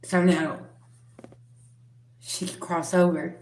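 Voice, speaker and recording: A woman's voice: fairly low pitch, level tone, takes it slowly, darkish tone. A woman giving a spiritual reading straight to the viewer, earnest and direct. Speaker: spiritual reader. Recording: roomy echo.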